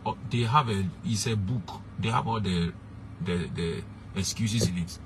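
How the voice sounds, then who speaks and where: A man's voice: on the low side, unhurried, a bit bright, slight background noise. A young man, a street preacher giving blunt, emphatic advice and slipping into pidgin. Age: young adult.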